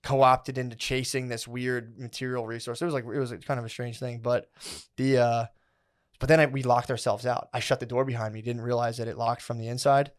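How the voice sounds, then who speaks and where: A man's voice: mid-range voice, level tone, brisk. Rambling, profane male podcast host. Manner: rambling, profane storytelling full of "like" and "dude", acting out quotes. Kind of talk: casual podcast chat, storytelling.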